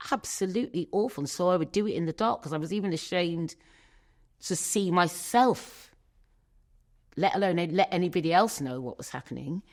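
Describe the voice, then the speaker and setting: A woman telling a painful personal story as an interview guest, emotional and searching, with pauses. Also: sits low.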